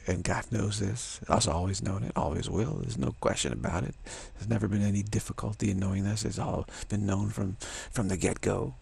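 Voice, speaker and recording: A man's voice: on the low side, steady tone, brisk, gravelly, hardly any pauses, a little mellow, slightly rough. A man giving an informal spiritual talk, rambling and laughing as he acts out imagined voices. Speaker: spiritual teacher.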